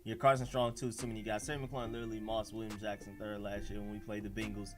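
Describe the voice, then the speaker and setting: A man with an Atlanta accent hosting a casual sports livestream, talking in an animated, slangy way and reacting to the live chat. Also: fairly low pitch, quick pace, soft background music. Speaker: livestream host.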